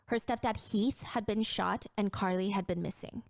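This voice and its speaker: Female true-crime narrator, calm and measured, dry close recording. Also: mid-range voice, vocal fry, dry recording.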